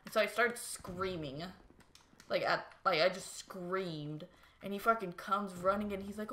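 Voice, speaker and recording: A woman's voice: medium pitch, a little slow. A young woman vlogger telling a personal story in a rambling, casual way, full of "like" fillers and swearing. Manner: rambling, filler-heavy, profane, animated retelling. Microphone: new desk microphone. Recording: faint background noise and clicks.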